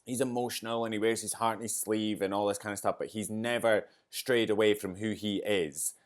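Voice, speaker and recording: A man hosting a podcast, with a fairly low, hungover voice. He talks in a chatty, effusive way and lets the emotion show. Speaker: podcast host. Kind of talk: casual podcast commentary.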